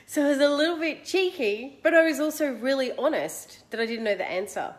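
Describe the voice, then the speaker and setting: An Australian woman in her forties, hosting and telling a personal story in a chatty, animated, self-mocking way. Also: a little high, moderate pace. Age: 40s. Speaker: host.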